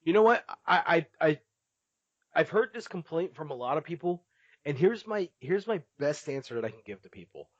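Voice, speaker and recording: A man's voice: fairly high pitch, very animated, moderate pace, dry recording. A man on a podcast chatting casually, laughing often as he retells a cartoon scene. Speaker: podcast co-host. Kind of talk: casual chat. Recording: dull lo-fi, dry.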